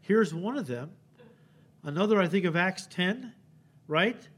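A male pastor preaching an expository sermon in a church, animated and acting out the quotes he reads, often checking in with "okay?". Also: sits high, unhurried, breathy edge. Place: church sanctuary.

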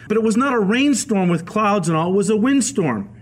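A male pastor giving a radio Bible teaching sermon, telling the stories in a lively way and acting out the quoted voices. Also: sits high, a little fast. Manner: animated storytelling, acts out quoted voices.

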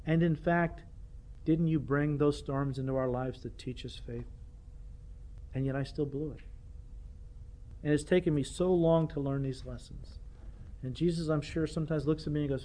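An older man preaching a sermon, animated and self-deprecating, often repeating himself as he talks. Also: fairly high pitch, normal speed, long pauses. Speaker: pastor.

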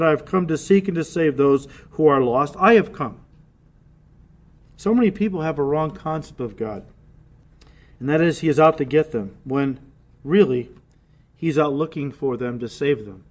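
A man preaching a sermon with earnest conviction, dropping to soft, low asides between emphatic points. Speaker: pastor.

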